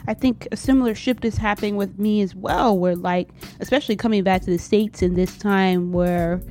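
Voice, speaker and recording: A woman's voice: mid-range voice, steady tone, moderate pace, faint music behind. Supportive woman hosting a remote chat. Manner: warm, supportive, reassuring. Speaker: host. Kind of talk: casual interview chat. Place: home in a city, remote call.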